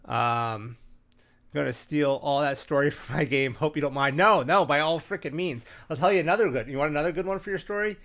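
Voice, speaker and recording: A man's voice: fairly high pitch, a little fast. A man hosting a casual chat about tabletop gaming, talking on a computer mic during a screen share, rambling with lots of fillers and restarts and telling stories with animation. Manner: animated storyteller. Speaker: host sharing game-master tips.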